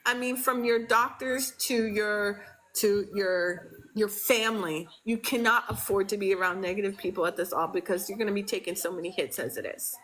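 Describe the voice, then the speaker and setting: Frank, bright-voiced woman. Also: medium pitch, fairly even intonation, normal speed, rough recording. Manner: frank, emphatic, with many fillers. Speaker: podcast conversation partner. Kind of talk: casual chat.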